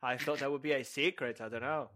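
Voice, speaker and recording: A man's voice: mid-range voice, fairly even intonation, fast, a bit bright. A man co-hosting a podcast, talking casually, repeating words and laughing at himself. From Venezuela. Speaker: podcast co-host. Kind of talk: casual chat.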